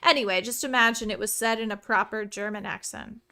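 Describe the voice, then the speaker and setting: A woman streamer giving chatty, excitable let's play commentary full of rambling asides. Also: medium pitch, brisk.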